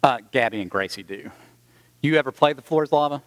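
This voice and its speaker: A man preaching a sermon as pastor, reading the gospel and then telling stories in a relaxed, chatty way with fillers. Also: medium pitch, brisk, dry recording. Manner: storytelling, conversational with fillers.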